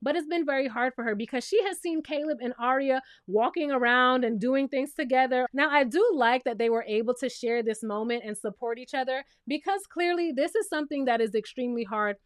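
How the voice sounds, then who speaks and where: A woman's voice: high voice, brisk, few pauses, clear, resonant tone, no room sound, studio quality. A woman giving a sassy, playful casual commentary recap of a reality show, talking straight to the viewer.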